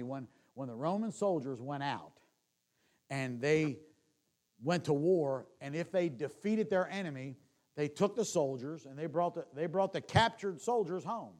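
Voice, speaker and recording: A man preaching a sermon, swinging from loud calls to hushed near-whispers and repeating phrases as he builds. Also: fairly high pitch. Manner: repeats and restarts phrases, folksy asides.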